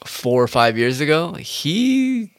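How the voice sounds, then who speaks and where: A man's voice: on the high side, big pitch swings, slow pace, vocal fry, no room sound, studio quality. A man ranting in a casual monologue, swearing a lot and jumping from topic to topic. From United States. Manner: profane, heated, jumps between topics.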